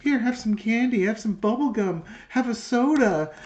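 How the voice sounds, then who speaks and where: A man's voice: very high voice, lively intonation, moderate pace, darkish tone, dull audio, pitched above the performer's own voice. A man putting on the voice of a fawning adult who coddles a tantruming toddler, in a sugary, mocking singsong. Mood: mocking coddling.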